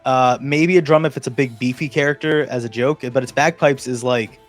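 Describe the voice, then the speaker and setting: A man's voice: medium pitch, steady tone, brisk, faint music behind. A man hosting a casual chat, telling a long story with many restarts and fillers. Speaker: podcast host.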